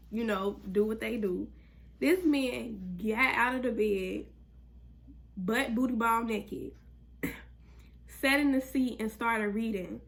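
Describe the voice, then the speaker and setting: A young adult woman vlogger telling a story in casual chat, animated and slangy and swearing freely. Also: fairly high pitch.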